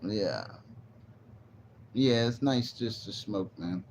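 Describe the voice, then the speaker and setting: A man's voice: fairly low pitch, slow, darkish tone. Stoned, rambling man on a livestream. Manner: rambling, profane, laid-back. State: stoned, zoned out. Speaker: livestreamer reading chat. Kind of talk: casual livestream chat. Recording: dull lo-fi stream audio with faint noise.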